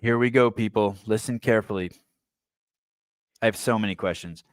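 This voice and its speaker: At normal speed and on the low side, a male podcast host from the San Francisco Bay Area reads out a news article. He breaks off into blunt, provocative, irreverent commentary. The recording has no room sound.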